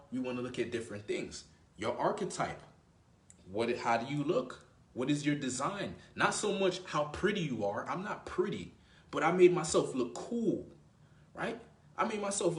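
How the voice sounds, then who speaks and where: A man's voice: fairly high pitch, sing-song, normal speed, a bit bright. A man giving dating advice as a coach, talking loosely and profanely, full of "you know" and "right?". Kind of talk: casual talking-head coaching. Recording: echoey room.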